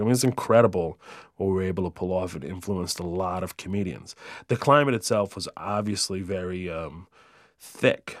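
Man, stand-up comedian being interviewed, lowish voice, lots of fillers, dry close sound. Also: no room sound. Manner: halting, many fillers and restarts, rises when excited. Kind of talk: interview answers.

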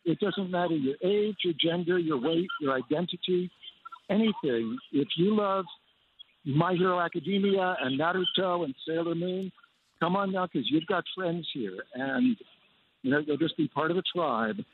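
A man calls in from a crowded convention center with a lively preview. His voice comes through a narrow, phone-like line with faint background noise. He sounds eager and uses vivid phrases. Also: sits high, moderate pace. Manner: upbeat, fond of colorful phrases. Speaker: animation critic reporting remotely. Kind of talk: enthusiastic remote report.

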